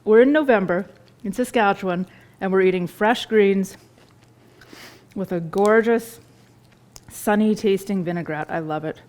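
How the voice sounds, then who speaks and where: A woman's voice: medium pitch, unhurried, long pauses, a little mellow. A woman, a chef giving a live cooking demonstration in a store kitchen, chatty and enthusiastic as she tastes food while she talks.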